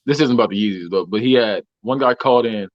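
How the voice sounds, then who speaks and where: A man's voice: mid-range voice, quick pace, no room sound. A man co-hosting a podcast, telling work stories in a loose, profane way and laughing often. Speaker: podcast co-host. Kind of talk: casual storytelling chat. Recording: dull lo-fi audio.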